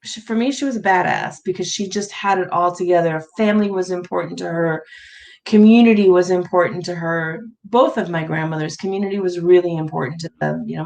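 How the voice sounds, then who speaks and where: A woman's voice: lowish voice, rough recording. Woman interview guest, conversational storyteller, easy laughter. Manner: warm storytelling, laughs often.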